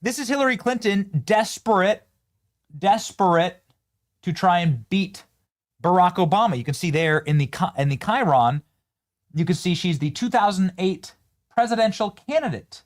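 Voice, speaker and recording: A man hosting a political commentary show, mocking and animated, often breaking into laughter. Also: sits high, normal speed. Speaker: host.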